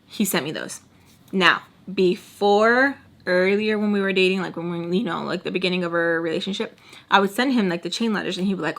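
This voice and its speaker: Young woman storyteller, candid, filler-heavy chat, mid-pitched, blunt and animated. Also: a little fast. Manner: chatty and candid, heavy use of "like"; animated retelling, swearing freely. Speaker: storytime vlogger.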